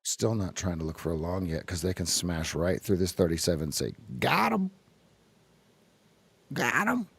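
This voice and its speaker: A man hosting a live trading stream, giving joking, quick market commentary. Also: deep voice, fairly even intonation, darkish tone, breathy edge.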